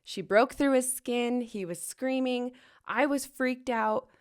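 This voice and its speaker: A woman's voice: fairly high pitch, slow. Candid young woman telling a painful story. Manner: emotional, candid and animated, with rueful laughs. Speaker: podcast host. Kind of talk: personal storytelling to listeners.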